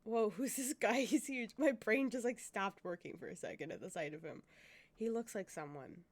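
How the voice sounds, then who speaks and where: A woman streamer giving casual let's-play commentary, giggly and excitable, full of exclamations. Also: mid-range voice, moderate pace, dry recording.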